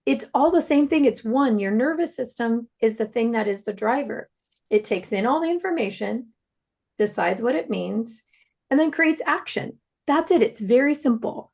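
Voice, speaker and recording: A woman practitioner telling a client story on a panel, lively and animated. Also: normal speed, gravelly. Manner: animated storyteller, swings pitch widely.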